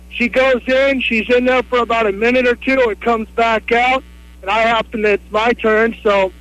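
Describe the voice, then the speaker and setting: Guy calling into radio, really high voice, lots of uhs, dry close sound. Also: fairly bright tone, no room sound, rough recording. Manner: hesitant, many uhs. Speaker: caller. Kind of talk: phone-in story.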